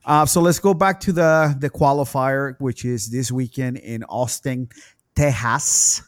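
A man hosting a podcast in casual chat, animated and steering the talk along. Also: mid-range voice, moderate pace, dry recording, studio quality. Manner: animated, directs the show. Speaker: podcast host.

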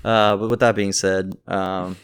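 A man's voice: low-pitched, level tone, measured pace, clear, resonant tone. A man co-hosting a podcast, teasing his friends in playful, casual chat. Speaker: podcast co-host.

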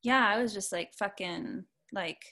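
A woman's voice: medium pitch, measured pace, bright, forceful tone. A young adult woman musician chatting casually in an interview, rambling with lots of fillers and casual swearing. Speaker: musician guest.

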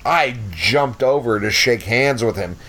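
A man's voice: medium pitch, lively intonation, unhurried, pushed and bright. Guest, man in his fifties, blunt and foul-mouthed raconteur. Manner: profane, rambling, blunt. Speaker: podcast guest. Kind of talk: casual storytelling.

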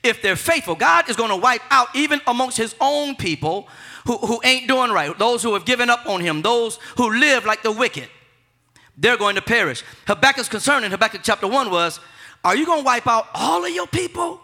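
Bright, lively-pitched fervent male preacher. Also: normal speed. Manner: fervent, repetitive, leads the congregation in call-and-response. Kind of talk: sermon.

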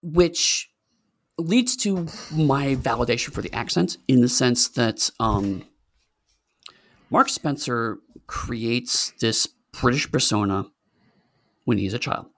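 A man's voice: mid-range voice, slow pace, a bit bright. A man co-hosting a podcast, talking in a rambling, sarcastic way with lots of fillers and restarts. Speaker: podcast co-host. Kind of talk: casual podcast chat.

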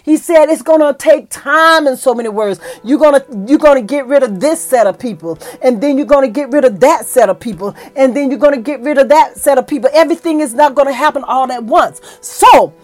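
Fervent high-voiced woman preaching. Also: fairly quick, hardly any pauses, soft background music. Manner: fervent, emotional, rising to excited peaks. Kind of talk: sermon.

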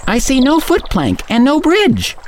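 A man's voice: very high voice, wildly swooping pitch, unhurried, background noise, voice pushed up, heavily acted. A man voicing a young boy in a storybook reading, in a raised boyish voice. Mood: resolute. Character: young boy, bold and practical.

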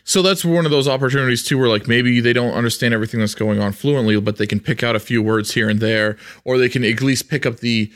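A man talking loosely about running tabletop games, full of fillers and restarts. He laughs easily and slips into quick silly voices. His pitch sits in an ordinary middle range. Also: fairly even intonation, a bit bright. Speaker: podcast co-host. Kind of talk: casual chat about tabletop game mastering.

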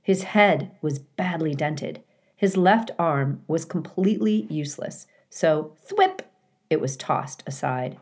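Woman teacher, unhurried read-aloud, deep-ish calm tone. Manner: calm, clear storytelling with occasional dramatic emphasis. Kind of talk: reading a children's novel aloud.

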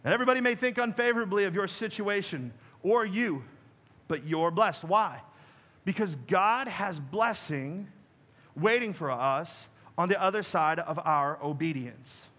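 A man's voice: high voice, expressive, measured pace, pushed and bright. A man preaching to his congregation in a conversational style, talking to them directly. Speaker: pastor. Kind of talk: sermon. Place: church.

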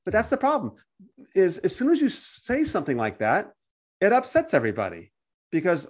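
A man's voice: fairly high pitch, fairly quick. A man who hosts a podcast and preaches, talking casually and acting out the voices of people he quotes. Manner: animated storytelling, acts out quoted voices. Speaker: podcast host and pastor. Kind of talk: casual conversation.

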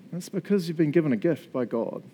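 Male pastor, relaxed chatty sermon, fairly high, very animated delivery. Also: slight background noise. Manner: casual, chatty, laughs often.

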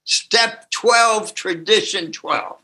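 An older man with a slight tremor in his voice, sharing his own story slowly and emotionally with a recovery group. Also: high-pitched, bright, forceful tone. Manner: slow and emotional, with laughter. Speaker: recovery workshop speaker. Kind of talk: personal sharing talk.

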